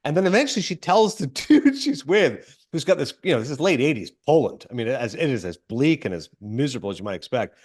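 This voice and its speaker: A man hosting a film podcast, casually retelling a movie plot with lots of fillers and quick quoted asides. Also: medium pitch, very animated, a little mellow, slightly rough. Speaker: podcast host.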